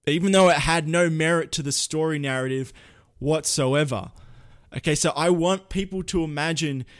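A young man presenting storytelling tips in a casual spoken tutorial, lively and rambling, often correcting himself mid-sentence. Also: fairly high pitch, moderate pace, dry recording, clean studio sound.

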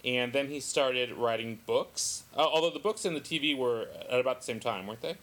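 A man's voice: mid-range voice, lively intonation, a little fast, fairly bright tone. A man in his forties who grew up in the Southern California desert, co-hosting a podcast and telling a long, self-amused story in casual chat. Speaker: podcast co-host.

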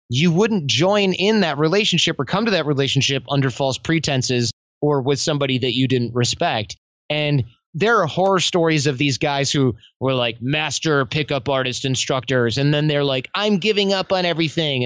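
A man speaking as a podcast guest, telling stories in an animated way and acting out quoted lines in other voices. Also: on the high side, no echo, highs cut off. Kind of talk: conversational interview.

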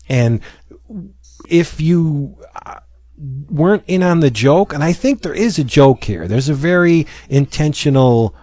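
A man's voice: medium pitch, no echo. A man casually chatting as a podcast host, retelling a comic with many fillers and acting out its lines. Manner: animated storyteller, acts out lines with many fillers. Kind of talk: casual chat.

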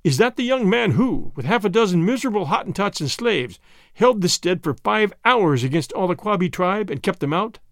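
A man voicing a respected frontier leader of high character who speaks emphatically and with praise in a storybook reading. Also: lively intonation, normal speed, a bit bright, no room sound, clean studio sound. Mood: astonished. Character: hearty older frontier leader, warm and admiring.

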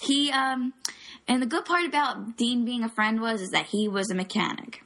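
A woman's voice: fairly high pitch, moderate pace, fairly bright tone. A woman co-hosting a casual movie chat, telling a story loosely with many fillers. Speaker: podcast co-host.

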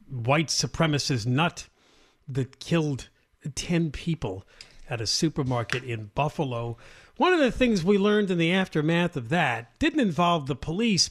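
Radio talk guy, kinda high voice, swings up and down a lot, chatty and outraged. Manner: conversational, indignant storytelling. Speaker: radio talk show co-host.

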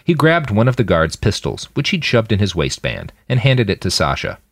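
A man narrating his own serialized fiction in an expressive storytelling manner, close to the mic. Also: lowish voice, moderate pace, dry recording. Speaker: podcast fiction reader. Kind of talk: audiobook narration.

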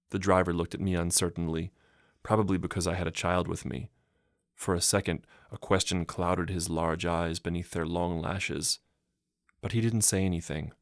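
A man narrating a translated short story in a calm, measured reading. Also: low-pitched, no echo, clean studio sound. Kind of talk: audiobook narration.

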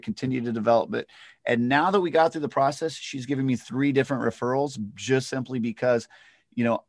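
A real estate agent talks in a loose, easygoing way, circling back through fillers and restarts as he makes his point. His voice sits at an ordinary middle pitch for a man. The recording is dry, with no room sound. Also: no room sound. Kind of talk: casual podcast chat.

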